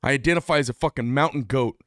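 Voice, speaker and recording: A man mid-rant on his own channel, blunt and heated, swearing freely as he drives his points home. His voice sits at an ordinary middle pitch and sounds close and dry, with no room ring around it. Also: quick pace, a bit bright, no room sound. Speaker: channel host. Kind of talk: political rant to camera.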